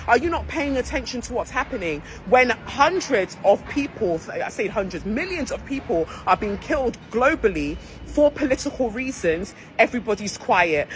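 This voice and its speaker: A woman's voice: a little high, animated, normal speed, few pauses, slight background noise, poor audio. A woman lecturing incredulously and mocking others in a vlog commentary. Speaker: social media commentator.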